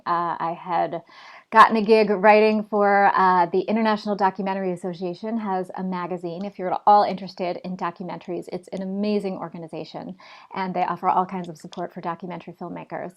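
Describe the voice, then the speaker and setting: A woman in her forties talks through her career as a television host and writer. She speaks fluently and articulately at a mid-range pitch, with the odd filler. It sounds like an online video call interview. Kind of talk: conversational interview answers.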